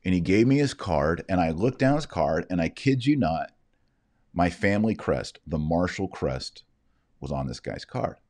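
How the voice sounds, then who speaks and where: Deep-voiced man telling rambling stories. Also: moderate pace, no room sound. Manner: rambling, animated storytelling. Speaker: host. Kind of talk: casual monologue.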